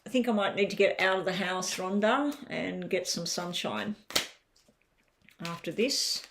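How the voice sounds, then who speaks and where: A woman's voice: lowish voice, expressive, unhurried, a bit bright, a little hiss or hum. A woman with an Australian accent giving a live-stream tarot reading, chatting and thinking aloud as she lays out the cards. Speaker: tarot reader.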